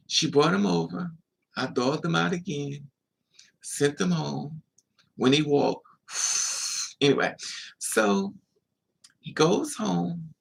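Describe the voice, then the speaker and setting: A man's voice: a little high, creaky, a bit bright, husky. A man casually telling a long personal story to the camera, chatty and digressive, with laughing asides. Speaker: vlogger. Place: indoors, at home.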